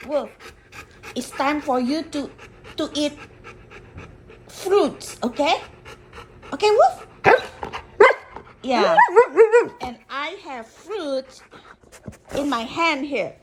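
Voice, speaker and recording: A woman's voice: high-pitched, slow pace, pauses often, a little hiss or hum. A young woman at home, laughing a lot as she coaxes and chats with her dog in a sweet, teasing voice. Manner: laughing often, coaxing baby-talk to a dog. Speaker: dog owner talking to her husky. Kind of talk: casual talk to a pet.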